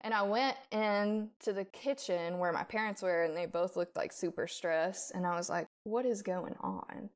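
A woman's voice: fairly low pitch, normal speed, hardly any pauses, clear, resonant tone. A woman guest on a podcast telling her own story casually, bluntly, with frequent swearing. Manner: blunt, swears often, rambling.

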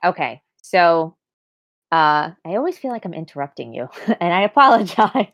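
A woman with a notably low voice talks through a story she loves, jumping into the characters' lines as she goes. The sound is dry and close. It is a relaxed, chatty book discussion. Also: normal speed, no room sound, dull audio. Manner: lively retelling of plot, acting out characters.

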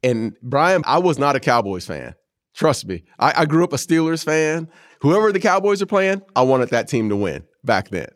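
A man in his fifties, a former pro football player, telling stories from his career in an animated way and acting out what others said. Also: fairly high pitch, normal speed. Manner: animated storyteller who acts out quotes, peppered with "man". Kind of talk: storytelling interview.

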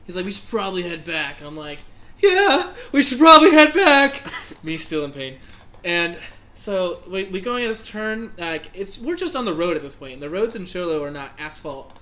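Bright-voiced young man telling a wild story. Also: high-pitched, moderate pace. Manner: animated, laughing storyteller acting out his own reactions. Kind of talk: casual storytelling chat.

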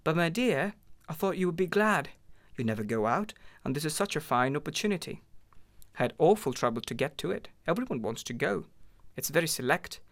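A man's voice: a little high, animated, a little fast, a bit bright, pitched above the performer's own voice. An eager young clerk husband who fumbles and stammers, as a male narrator reads his lines. He speaks earnestly and hurriedly, always anxious to please.

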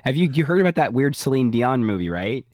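A man's voice: medium pitch, big pitch swings, quick pace, a crowd in the background. A man co-hosting a podcast in casual chat, telling rambling stories. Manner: rambling, chatty storyteller. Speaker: podcast co-host.

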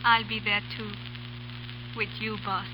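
A woman's voice: mid-range voice, little pitch movement, a little slow, very noisy, lightly acted. A woman with a French accent playing a devoted young Dutch girl in a 1930s radio drama.

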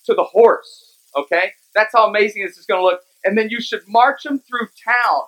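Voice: medium pitch, moderate pace, a bit bright, close to an everyday voice, poor audio. A scheming, self-important royal advisor, played by a preacher retelling the story. He brags in loose modern slang and seethes with hatred for his rival. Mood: boastful. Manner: boastful, casual slang. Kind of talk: sermon storytelling.

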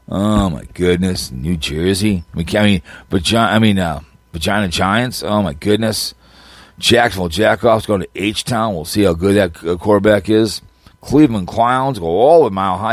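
A man's voice: fairly low pitch, moderate pace, dry recording. A man hosting a casual sports picks podcast, rambling and giving teams crude mocking nicknames while he laughs at his own jokes. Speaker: podcast host.

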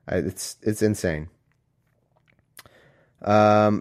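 A young man reading scripture aloud and mocking it in casual, sarcastic solo commentary, going from loud bits to mumbled asides. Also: fairly low pitch, lively intonation, moderate pace.

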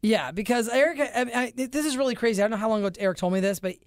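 A woman's voice: on the high side, rapid-fire, no room sound, studio quality. A woman in her thirties co-hosting a show, chatting casually and telling stories animatedly. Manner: animated storyteller who acts out quotes. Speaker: show co-host. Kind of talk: casual chat.

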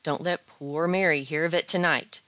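A woman reading aloud, voicing a timid, fussy gentleman who gives solemn advice in a mournfully comic tone. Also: low-pitched, brisk, no room sound. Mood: anxious. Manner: solemn, lamenting, earnest advice.

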